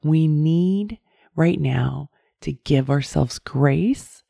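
A woman hosts her own podcast and talks to the listener one to one, calling them her friend as she reflects. Her voice is mellow with a gravelly edge. The recording is close and dry, with little room sound. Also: low voice, drawn-out words, no room sound. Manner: warm direct address, calls listener "my friend". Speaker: podcast host. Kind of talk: reflective solo podcast talk.

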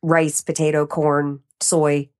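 A woman talking as a podcast guest in casual interview chat, animated and often laughing as she acts out her own reactions. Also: low-pitched, takes it slowly, clean tone.

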